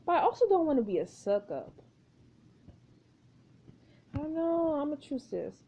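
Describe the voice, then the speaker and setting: A woman's voice: high voice, very animated, measured pace, warm tone, dull audio. A woman reading a story game aloud and chatting through her choices, laughing at the story. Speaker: let's play gamer.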